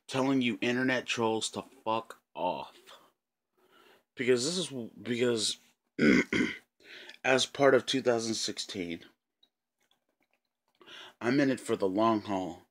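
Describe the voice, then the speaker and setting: A man with a somewhat low voice delivers an angry vlog rant to his channel's viewers. He swears constantly, circles back to the same points, and often pauses to clear his throat. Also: a bit bright. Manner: profane, repetitive, frequent throat-clearing. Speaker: channel owner.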